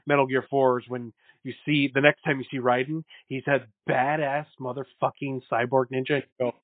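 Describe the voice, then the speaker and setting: A man's voice: medium pitch, little pitch movement, brisk, no echo. A man co-hosting a casual podcast chat, telling stories animatedly and acting out quotes with bursts of laughter. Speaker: podcast co-host. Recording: dry, phone-like narrow sound.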